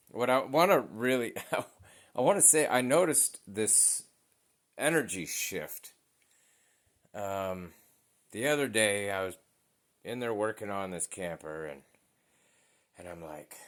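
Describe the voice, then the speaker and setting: A man's voice: lowish voice, lively intonation, slow pace, long pauses. A man ranting to camera in a vlog, blunt and profane, with a heated edge to his talk. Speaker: vlogger.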